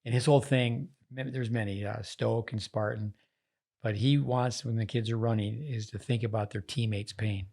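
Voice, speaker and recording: Gravelly low-voiced podcast host. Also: male voice, fairly even intonation, normal speed, dark tone. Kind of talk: interview host.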